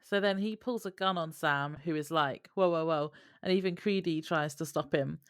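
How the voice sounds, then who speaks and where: A woman's voice: deep voice, normal speed, no echo, studio quality. A woman co-hosting a podcast, recapping a TV episode in casual chat and laughing often. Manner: laughs often, retells scenes with quoted lines. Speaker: podcast co-host.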